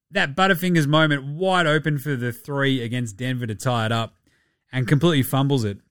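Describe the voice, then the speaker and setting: A man hosting a casual sports podcast, animated and jokey, swearing freely. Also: medium pitch, brisk, clean tone, no room sound, clean studio sound. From Australia. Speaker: podcast host.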